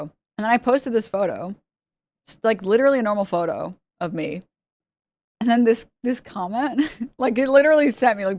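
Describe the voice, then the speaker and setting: A woman streamer with a lowish voice talks fairly quickly in a casual live-stream chat. She rambles and laughs often, using lots of fillers, and there's no echo.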